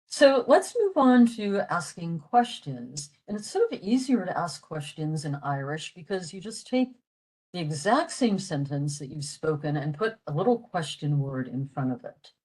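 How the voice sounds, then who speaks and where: An older woman explaining a language lesson for a library talk, halting with many fillers. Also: deep voice, big pitch swings, darkish tone, breathy edge, low-quality recording. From western Pennsylvania, USA. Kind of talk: explaining a lecture.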